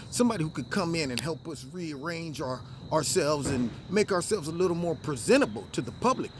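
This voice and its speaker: Animated man delivering solo commentary. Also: fast talker, noisy background. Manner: animated, mimics others in high voices. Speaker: political commentary host.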